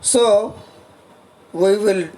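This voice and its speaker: A college lecturer giving a grammar lesson on spelling rules, speaking haltingly, restarting phrases and spelling words out letter by letter. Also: mid-range voice, dark tone.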